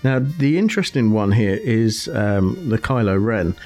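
Animated man chatting casually. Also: lowish voice, unhurried, soft background music. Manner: animated, laughs often, explains with examples. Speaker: podcast co-host. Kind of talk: casual chat.

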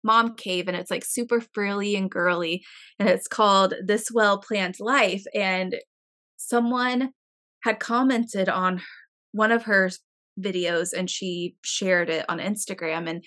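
Animated young woman telling stories. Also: mid-range voice, takes it slowly. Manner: storytelling, voice swings up and down when excited. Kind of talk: casual chat.

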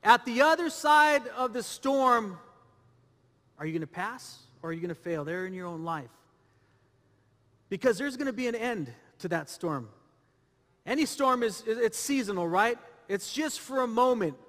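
A man's voice: very high-pitched, lively intonation, moderate pace, a bit bright, big-room sound. A man preaching a sermon, asking rhetorical questions and repeating phrases as he builds his point. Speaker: pastor.

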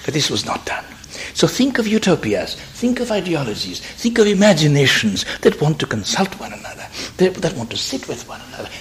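Older man, slightly high voice, giving a meandering spiritual talk with stumbles and whispers, recorded in a reverberant hall. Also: big pitch swings, slight background noise. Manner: halting, repeats words, drops to near whispers. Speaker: speaker. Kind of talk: reflective spiritual lecture. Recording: roomy hall sound.

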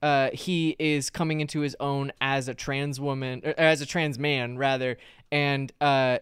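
Dude ranting casually with lots of swearing, smooth voice, dead dry sound. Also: male voice, mid-range voice, flat delivery, a little slow, fairly bright tone, no echo. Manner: profane, emphatic storytelling. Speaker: podcast co-host. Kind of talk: casual fan chat.

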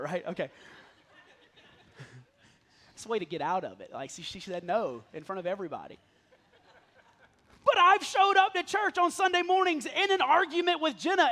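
A man's voice: high-pitched, fairly bright tone. A young adult man, a pastor, preaching a sermon in a church, joking and talking straight to the congregation. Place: church stage before a live congregation.

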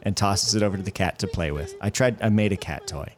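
A man's voice: fairly low pitch, fast talker. A man playing in a tabletop game, casually and playfully describing what his character does. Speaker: player.

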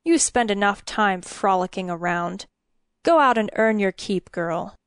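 A woman voicing a gruff, suspicious middle-aged male miller who grunts and growls his words. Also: medium pitch, animated, measured pace, no echo, clean studio sound.

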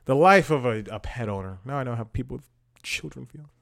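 A man's voice: medium pitch, expressive, brisk, creaky, a bit bright. A man hosting a casual podcast, talking in long, digressive stories and laughing at himself. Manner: rambling, digressive, self-amused. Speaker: podcast host. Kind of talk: casual talk-show commentary.

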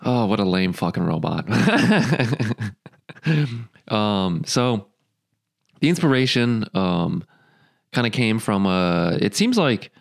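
Lowish-voiced man joking with frequent profanity. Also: big pitch swings, slow, gravelly, pauses often. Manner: profane, joking, laughs often, lots of ums. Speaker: podcast host. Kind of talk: casual podcast chat.

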